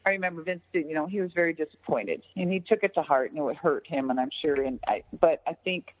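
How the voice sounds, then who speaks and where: A woman's voice: low-pitched, fast. A middle-aged woman, a former wrestler, telling stories in a casual interview, swearing freely and acting out what others said. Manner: profane, animated, acts out others' lines. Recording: tinny phone-line audio with long reverb.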